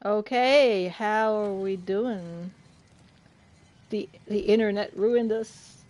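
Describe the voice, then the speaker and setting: A woman's voice: mid-range voice, takes it slowly, darkish tone. A woman from the UK chatting casually with her livestream chat while playing, laughing often. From United Kingdom. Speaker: game streamer.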